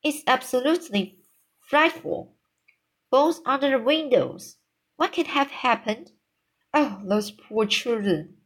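A woman's voice: medium pitch, slow. Woman doing a dignified, well-spoken lady. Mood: concerned. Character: dignified older woman, composed and concerned.

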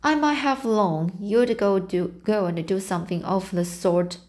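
A woman reading an audiobook voices a stern middle-aged spinster who speaks sharply and briskly. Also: mid-range voice, darkish tone, natural voice.

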